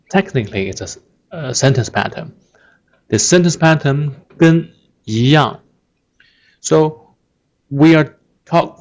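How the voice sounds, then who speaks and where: A man explains a sentence pattern at a very unhurried pace. His voice sits at an ordinary middle pitch. He says each example twice, stresses the key syllables, and keeps checking in with the listener. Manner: slow and patient, repeats and stresses example words, frequent "right?". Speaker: Chinese language teacher. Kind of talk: explaining grammar slowly with repeated example phrases.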